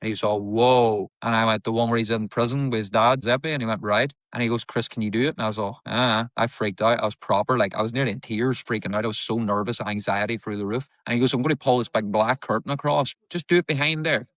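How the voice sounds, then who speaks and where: A man speaks quickly in a candid interview, piling up emphatic repetitions. His voice sits at an ordinary pitch, and the sound is dry and close, with no room around it. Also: fairly even intonation, fairly bright tone, no room sound. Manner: fast, repetitive, emphatic, swears casually. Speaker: actor and filmmaker guest.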